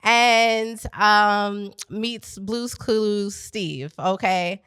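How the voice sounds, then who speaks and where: Animated woman telling a story to a crowd. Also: mid-range voice, extremely slow, clean tone, no room sound. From Pennsylvania, USA. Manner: animated, chatty, addresses the crowd directly. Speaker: business founder speaking at an event. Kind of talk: storytelling talk to a live audience. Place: event space at a coworking venue.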